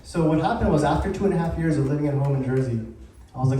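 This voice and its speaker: A very echoey event space, captured from a distance, holds this upbeat anniversary talk by a man in his thirties who founded a community group. He speaks very fast in a slightly high, dark-toned voice and asks the live audience questions.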